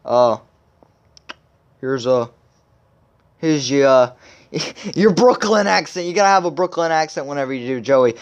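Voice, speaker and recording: A man's voice: fairly high pitch, smooth, lo-fi sound. A young man hosting a video and recapping a comic chapter in a rambling, filler-heavy casual way. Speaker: video host.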